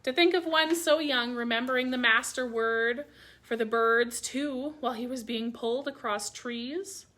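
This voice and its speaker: A woman voicing a fond old male bear, a gentle teacher, speaking earnestly in a storybook reading. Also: on the high side, measured pace. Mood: proud.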